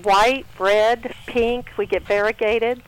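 A woman's voice: on the high side, fairly even intonation, slow, poor audio. Brief: female caller, flower shop worker, plain matter-of-fact answers. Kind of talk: phone call to radio.

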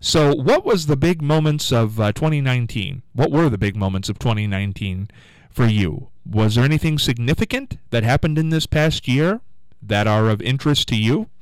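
A man's voice: medium pitch, lively intonation, moderate pace, clear, resonant tone, no room sound, low-quality recording. A man hosting a call-in radio show, chatting in a rambling way and repeating the call-in number. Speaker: radio host. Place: radio studio.

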